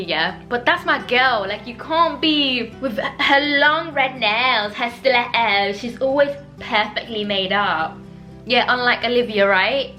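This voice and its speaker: A young woman chatting casually in a reading vlog, outspoken and animated as she reacts. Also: on the high side, measured pace. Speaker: book vlogger. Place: home room. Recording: roomy echo, faint background music.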